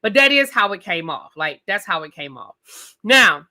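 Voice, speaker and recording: A woman reviewing a reality TV episode in a blunt, profane, animated rant. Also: mid-range voice, normal speed.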